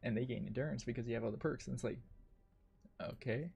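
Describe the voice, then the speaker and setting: A man's voice: mid-range voice, fast, vocal fry, darkish tone, breathy edge. A man streaming a game, ranting in frustration and swearing a lot as he comments on his play. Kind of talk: live gameplay commentary.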